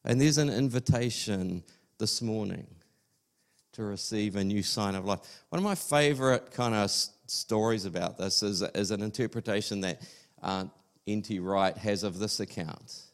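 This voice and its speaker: A man's voice: fairly low pitch, normal speed. A man preaching an Easter sermon in a church service, talking in a loose, conversational way with many fillers and restarts. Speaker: pastor.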